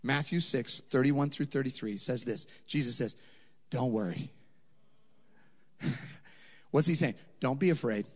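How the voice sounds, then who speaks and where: A man's voice: medium pitch, a little slow, pauses often. A man preaching a sermon as a pastor, conversational and impassioned, rising to emphatic peaks. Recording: long hall reverb.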